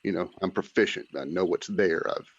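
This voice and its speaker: Man, podcast guest, lower voice, intense and searching, dry lo-fi sound. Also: fairly quick. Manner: intense, searching, self-doubting. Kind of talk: casual chat. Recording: dry, dull lo-fi line.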